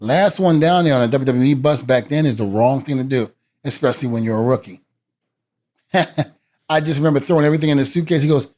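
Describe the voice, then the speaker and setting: A man's voice: on the high side, fast talker, darkish tone. A middle-aged man, a former wrestler, telling a story as a guest and acting out what each person said, with laughs in between. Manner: acts out quotes with shifting voices and laughs. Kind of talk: animated storytelling.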